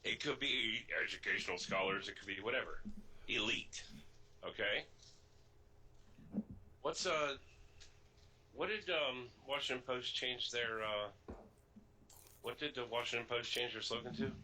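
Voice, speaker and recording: A man's voice: mid-range voice, measured pace, long pauses, sharp tone, slight background noise, poor audio. A man co-hosting a casual podcast, talking bluntly and joking, often repeating himself. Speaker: podcast co-host. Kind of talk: casual chat.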